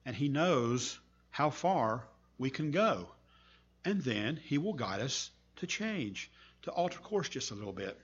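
A man preacher giving a sermon, telling a story with earnest, slow, emphatic pauses. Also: mid-range voice, big pitch swings, husky, dull audio.

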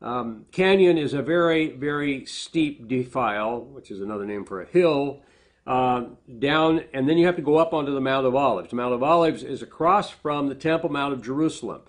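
A man's voice: medium pitch, normal speed. A man preaching a sermon, reading scripture aloud with lifted emphasis and then explaining it in plain, conversational asides. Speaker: pastor.

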